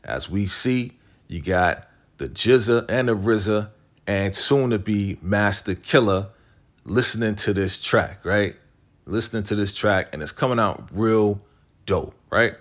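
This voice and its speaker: Speaking a little slowly, a male TV recap host goes over an episode in a casual way, using slang and repeating "right?" and "you know." He reenacts scenes, lowering his voice whenever he quotes a character.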